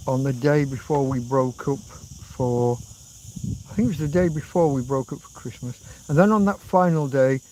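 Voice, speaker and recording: A man's voice: medium pitch, warm tone, a little hiss or hum, low-quality recording. A man in his fifties with an English accent, hosting a rambling livestream chat, reading out comments, swearing casually and now and then humming tunes. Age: 50s. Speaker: livestream host.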